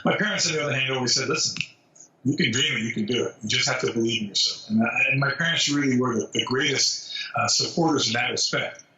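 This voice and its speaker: Man, 60s, New York, animated storyteller, bright forceful voice, off-mic in an echoey room. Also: medium pitch, fast talker. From New York City. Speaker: zoo spokesman, guest. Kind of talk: storytelling interview. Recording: roomy, distant, dull sound.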